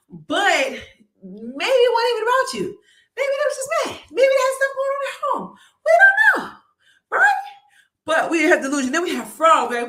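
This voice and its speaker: A woman's voice: fairly high pitch, reverberant, recorded from a distance. A woman hosting a live online show, giving a motivational talk in a chatty way and often turning to her audience. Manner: lively and chatty, keeps turning to the audience with "y'all" and "right?".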